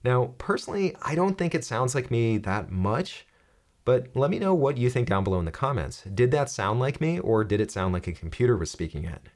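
Upbeat young man walking through software. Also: mid-range voice, sing-song, fairly quick. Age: young adult. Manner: upbeat, jokey step-by-step explaining. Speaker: tech tutorial host. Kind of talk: screen-recorded software tutorial.

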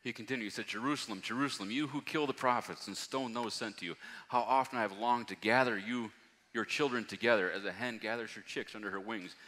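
A man preaching a sermon, reading scripture aloud and rising to loud, emphatic passages. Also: lowish voice, quick pace. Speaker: pastor. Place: church hall. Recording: long hall reverb.

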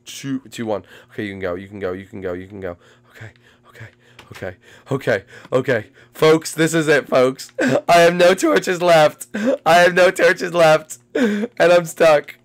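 A young man commentating a game. He repeats his phrases again and again, and swings from hushed muttering to panicked shrieks. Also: a little high, animated, unhurried. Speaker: gameplay commentator.

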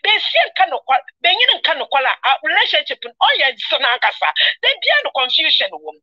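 Woman radio host, very high and bright, emphatic moralizing delivery, muffled lo-fi sound. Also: sing-song, quick pace. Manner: emphatic, preachy, quoting scripture. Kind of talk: moralizing advice talk on radio.

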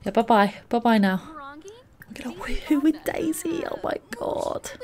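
Gushing woman, lively voice. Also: on the high side, moderate pace. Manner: gushing, excitable, many exclamations. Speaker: let's play host. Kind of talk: gameplay commentary.

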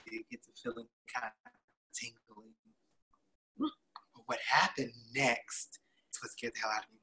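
A man hosting a motivational show, telling a personal story in a chatty, laughing, animated way. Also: mid-range voice, rough recording. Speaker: host.

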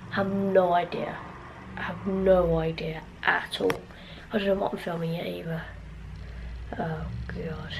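A woman's voice: mid-range voice, darkish tone. Rambling young woman vlogger. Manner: rambling, unsure, sighing and muttering. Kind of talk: casual vlog chat. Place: at home indoors, then outdoors walking to a supermarket. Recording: noisy handheld vlog recording.

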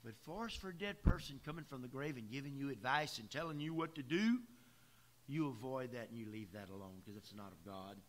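A man's voice: medium pitch, lively intonation, brisk. A man preaching a sermon in plain, emphatic words, talking straight to his congregation. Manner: emphatic, plain-spoken, addresses the congregation directly. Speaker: pastor. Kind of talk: sermon with folksy asides. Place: church.

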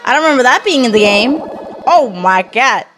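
A young woman giving excitable let's play commentary, whooping and yelling at the game. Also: fairly high pitch, fairly quick, soft background music. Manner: excitable, loud whoops and squeals. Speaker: gaming YouTuber.

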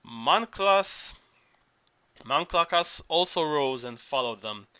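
Guy reading an audiobook, stumbles and restarts a lot, bright voice. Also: fairly high pitch, animated, takes it slowly. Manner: frequent slips and restarts. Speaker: audiobook reader. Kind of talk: audiobook narration.

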